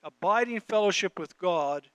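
Man, high voice, sermon, conversational teaching, scripture readings, dry close sound. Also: lively intonation, moderate pace, clean tone, no room sound. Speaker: preacher.

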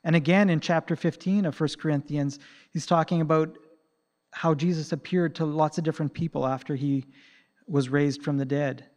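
A man preaching a sermon, swinging between loud emphasis and soft, hushed quotations. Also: on the high side, steady tone, normal speed.

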